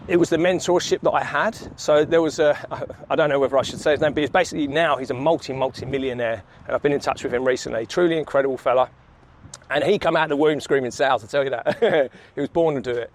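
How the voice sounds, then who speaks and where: Man, 30s, slightly high voice, easygoing walk-and-talk vlogger, swears a lot, city street. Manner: laid-back, swears freely, laughs often. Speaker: vlogger, sales coach. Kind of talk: casual walk-and-talk storytelling.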